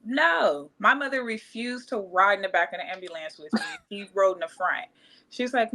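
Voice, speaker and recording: Black woman in her 30s, bright sharp voice, casual storytime on a podcast, animated. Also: on the high side, a little fast. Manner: candid, animated, acts out others' voices. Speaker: podcast co-host.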